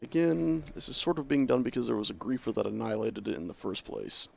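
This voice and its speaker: A man's voice: medium pitch, expressive, quick pace, gravelly, a little mellow. A man streaming a building game, talking casually and joking at himself as he plays. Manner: chatty, self-mocking, talks to himself while playing. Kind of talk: casual gameplay commentary.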